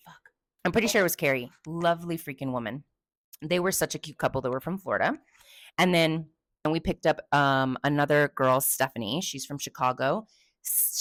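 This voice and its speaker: A woman's voice: a bass voice, dry recording, studio quality. A young woman from Texas, hosting a podcast and telling a story casually, chatty and swearing freely with many fillers. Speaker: podcast host.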